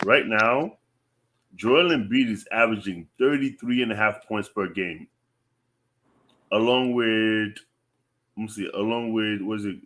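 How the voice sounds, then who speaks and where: A man with a fairly low voice co-hosting a casual sports show. He talks in a laid-back way, fills pauses with ums, and drops in agreeing mm-hmms while the other host speaks. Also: fairly bright tone. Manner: laid-back, thinks aloud with ums, lots of mm-hmm. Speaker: podcast co-host.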